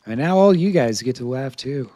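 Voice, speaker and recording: With a warm, mid-range, expressive voice at normal speed, an American man streams a video game live. He gives running commentary to chat, laughing frequently and talking to himself while hunting for gear.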